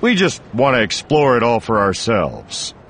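A man's voice: mid-range voice, huge pitch swings, a little slow, a bit bright, a little hiss or hum, pitched above the performer's own voice, exaggerated voice. A man reading an audiobook voices a wry, weary male space smuggler in a dry, sardonic way. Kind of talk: audiobook narration.

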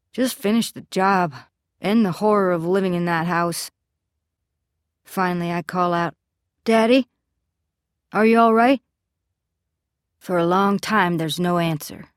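A woman with a fairly low voice narrates a story in the first person, measured and steady. The recording is dry and close, like a studio booth, with nothing around the voice. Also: no room sound. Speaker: audiobook narrator.

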